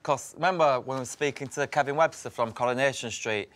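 A man's voice: mid-range voice, fairly quick, a bit bright, natural voice. A man playing a plain-spoken male fan who talks matter-of-factly.

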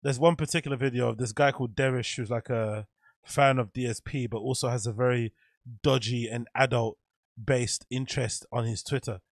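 A man's voice: medium pitch, steady tone, normal speed, no room sound, clean studio sound. A man streaming casual reaction commentary, incredulous and laughing often.

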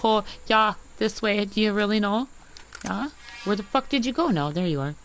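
A woman gaming on stream who swears freely and snaps at the game, her voice sitting at a middling pitch. She keeps talking through bites of food, loose and unscripted. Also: moderate pace, faint music behind. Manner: profane, short-tempered trash talk at the game; talks while chewing food. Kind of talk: casual let's-play commentary.

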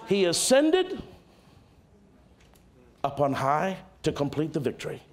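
A male pastor preaching a sermon, dramatic, swinging from loud exclamations to hushed tones. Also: on the high side, wildly swooping pitch, takes it slowly, pauses often.

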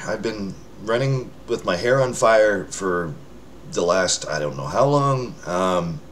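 A low-register man delivers loose, self-mocking vlog chatter to his followers, speaking slowly but animatedly with a fairly bright tone. His casual ramble to the camera is full of filler words and restarts. He sits indoors beneath a lamp close to a window, with light background noise.

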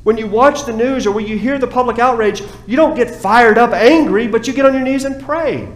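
A man preaching a sermon as pastor, passionate, dropping to a hush and then rising again. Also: extremely high pitch, fairly quick, echoey room, low-quality recording. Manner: impassioned preaching, swings from hushed to raised. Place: church sanctuary.

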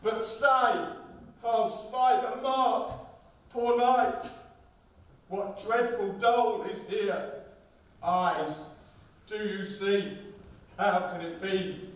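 A man playing a hammy, high-voiced tragic lover. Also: fairly even intonation, drawn-out words, pauses often. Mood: mock-heroic. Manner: overblown mock-tragic declaiming. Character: Pyramus, a lovesick young hero played by a clumsy craftsman. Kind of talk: amateur stage acting. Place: theatre stage. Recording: echoey hall from far off.

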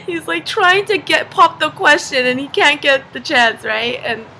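A young adult woman vlogging, telling a story in a casual, animated way, laughing often and saying "like" a lot. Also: sits high, measured pace, slight background noise.

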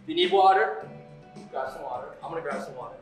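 A man's voice: mid-range voice, fast talker. A man coaching a workout on a live stream, explaining exercises and counting reps with upbeat encouragement. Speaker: fitness coach. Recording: echoey room, far from the mic, faint music.

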